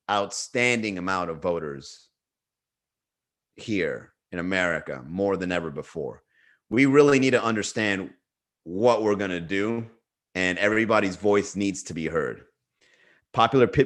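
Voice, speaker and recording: A man's voice: medium pitch, fairly bright tone. A man hosting a comedy livestream, chatting casually in a rambling, jokey way and reading viewer comments aloud. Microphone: webcam or desk mic for a livestream.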